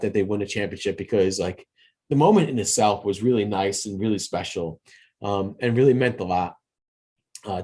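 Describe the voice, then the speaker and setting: A man hosting a casual podcast review, speaking in a lowish, warm, mellow voice. He rambles through scenes loosely and keeps restarting his sentences. His tone stays earnest and a little sentimental. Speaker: podcast host. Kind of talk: casual solo movie review.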